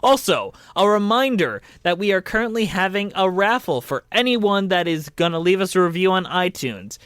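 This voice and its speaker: High-voiced man chatting and giggling. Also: expressive, moderate pace, a bit bright, clear, resonant tone, no room sound, clean studio sound. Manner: giggly, laughs often while talking. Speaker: podcast co-host. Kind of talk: casual chat.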